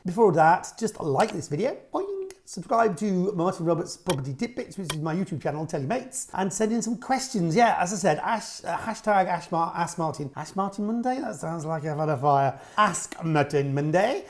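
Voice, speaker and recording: A man's voice: fairly high pitch, animated, fairly quick, few pauses. A man chatting casually to camera, answering viewer questions in a rambling, jokey way that keeps breaking off mid-sentence. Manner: rambling, jokey, self-interrupting.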